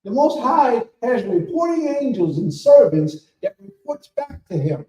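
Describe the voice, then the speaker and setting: A man giving a sermon as spiritual leader of a congregation, preacherly and rising to shouts. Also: very high voice, very animated, measured pace. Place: temple hall. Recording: echoey room from far off.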